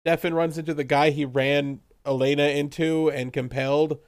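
A young man with a fairly high voice chats through an episode recap, laughing often and slipping into little character voices. The sound is dry and close, with no room around it. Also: level tone, normal speed, no echo. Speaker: podcast co-host recapping a TV episode. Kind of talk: casual chat.

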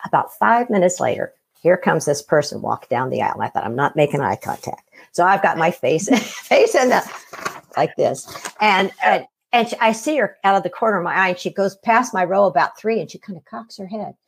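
Husky-voiced woman telling a lively story. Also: lowish voice, fairly quick. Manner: animated storyteller acting out quoted voices. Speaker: guest telling her near-death experience. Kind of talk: casual storytelling.

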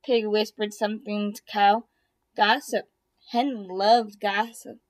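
A woman reading a children's picture book aloud in a slow, deliberate way. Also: mid-range voice, level tone. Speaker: storybook reader. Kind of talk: children's storybook read-aloud.

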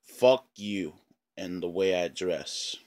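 A man with a somewhat low voice delivers an angry vlog rant to his channel's viewers. He swears constantly, circles back to the same points, and often pauses to clear his throat. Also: expressive, a little mellow. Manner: profane, repetitive, frequent throat-clearing. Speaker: channel owner.

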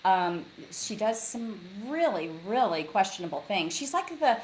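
A woman author chatting as a guest, telling animated stories and acting out what people said, speaking over a video call from a log cabin lodge. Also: medium pitch, measured pace, slight background noise, poor audio. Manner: animated storyteller, acts out quotes. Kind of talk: casual interview chat.

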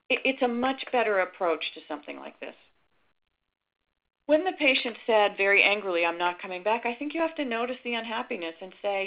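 A middle-aged woman lectures calmly in a webinar, explaining step by step and sometimes voicing sample lines. Her voice sits at an ordinary pitch. The audio is dull and lo-fi. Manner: calm, explanatory, acts out sample dialogue. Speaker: risk management speaker.

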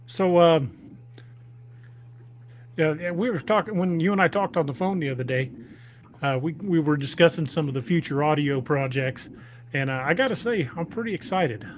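A man's voice: on the high side, normal speed, long pauses, slight background noise. A man hosting a podcast, chatting enthusiastically and explaining at length. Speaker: podcast host and author. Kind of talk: casual chat.

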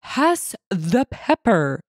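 Lady voicing a gruff shouting biker guy, rude and snarly, dry close sound. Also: mid-range voice, sing-song, very slow, no room sound, exaggerated voice. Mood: snarling. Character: furious burly male biker, loud and rude.

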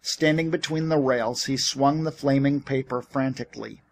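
A man reading an audiobook as narrator, with steady storytelling delivery. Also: medium pitch, moderate pace. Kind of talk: scripted narration.

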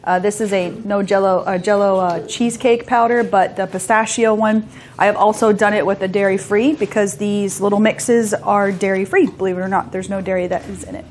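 A woman's voice: mid-range voice, fairly even intonation, a little fast, a little hiss or hum. A woman presenting at an ice cream seminar, explaining a recipe in a chatty way with many filler words. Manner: chatty, lots of ums. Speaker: sales presenter. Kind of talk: casual product demo. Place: seminar kitchen.

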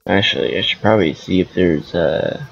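A man's voice: low voice, a little fast, creaky, breathy edge, highs cut off, faint music behind. A man giving casual gameplay commentary as a streamer, rambling and thinking aloud. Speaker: gaming streamer.

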